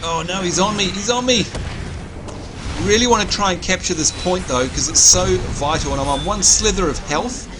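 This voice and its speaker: A man, co-hosting a live game stream and chatting excitedly to viewers. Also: high-pitched, moderate pace, noisy background. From New Zealand. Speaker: livestream co-host. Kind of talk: live gaming commentary. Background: game music.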